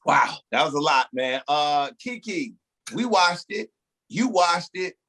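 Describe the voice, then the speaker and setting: A man's voice: a little high, expressive, takes it slowly, bright, forceful tone. A man hosting a casual podcast chat, upbeat and hyping up his co-hosts as he moves the talk along. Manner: upbeat, hypes up the crew. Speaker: podcast host.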